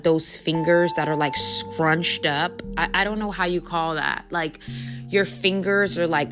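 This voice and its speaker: A woman talking casually to her viewers, telling a story in a chatty, rambling way with lots of fillers. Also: on the low side. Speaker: spiritual coach.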